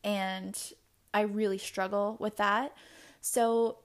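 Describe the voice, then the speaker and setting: A woman's voice: medium pitch, little pitch movement, slow pace. A young adult woman hosting her own podcast, talking openly and confessionally in a rambling way full of "like" fillers. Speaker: podcast host. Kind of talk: candid solo podcast talk.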